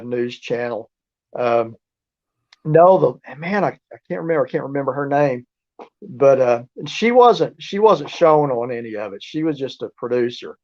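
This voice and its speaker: A man tells stories as an interview guest, rambling and restarting his sentences. His voice sits at an ordinary middle pitch. The audio is dull and lo-fi. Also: darkish tone. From southeast Oklahoma. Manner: rambling, with many restarts and fillers. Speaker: guest, researcher and author. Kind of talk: casual storytelling interview.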